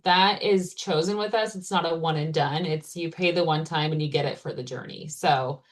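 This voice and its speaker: A woman's voice: deep voice, moderate pace. A woman who works as a surrogacy consultant answers interview questions in a casual, explaining way, with frequent ums and "you know".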